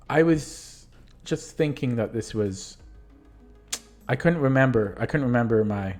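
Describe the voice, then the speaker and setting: Hoarse man in casual stream commentary. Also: mid-range voice, expressive, slow, pauses often, darkish tone, soft background music. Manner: rambling and self-correcting, often trailing off. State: losing his voice. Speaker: chess streamer reviewing his tournament games.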